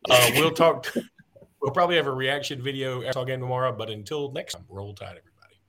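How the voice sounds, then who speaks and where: A man's voice: mid-range voice, fast, bright, forceful tone. Joking podcast co-host man. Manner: joking, rambling, loose. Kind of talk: casual chat.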